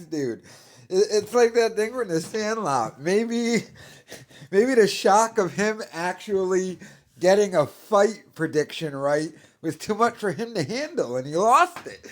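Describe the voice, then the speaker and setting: A man giving mocking reaction commentary at an unhurried pace, his pitch leaping up and down as he ribs his subject. He chuckles and talks sarcastically, his voice sitting slightly high for a man.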